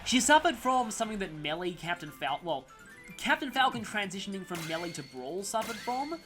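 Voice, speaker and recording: Lively, rambling let's-play commentator. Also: medium pitch, a little fast. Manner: rambling, chatty, with gaming trivia digressions. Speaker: gameplay commentator. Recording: game music playing under voice. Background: game music.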